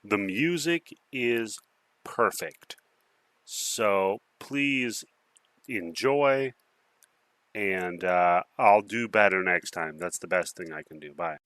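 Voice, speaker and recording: A man's voice: fairly low pitch, takes it slowly, fairly bright tone, dry recording. A man hosting a casual horror podcast, loose and jokey, swearing freely. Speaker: podcast host.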